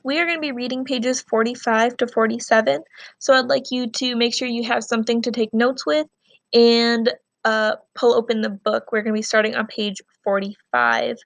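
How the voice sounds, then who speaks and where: A woman teacher giving a recorded reading lesson. She reads a novel aloud and gives patient, clear instructions between passages. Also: on the high side, fairly even intonation, moderate pace, no echo.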